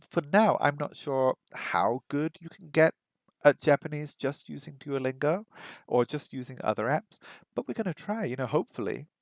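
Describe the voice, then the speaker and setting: A man's voice: mid-range voice, creaky, no room sound. A man from Britain casually talking through his language-learning practice, chatty and self-deprecating with plenty of ums and uhs.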